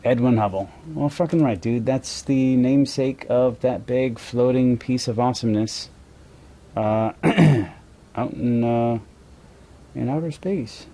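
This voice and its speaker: A man's voice: mid-range voice, little pitch movement, a little slow, warm tone, slight background noise. A man co-hosting a podcast in casual chat, profane and rambling, a little tipsy. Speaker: podcast co-host.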